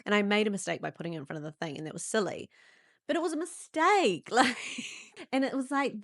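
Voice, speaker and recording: Brief: young New Zealand woman, podcast host, low-pitched, candid personal storyteller, dry close sound. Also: dry recording. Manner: animated, acts out quotes in sudden high voices.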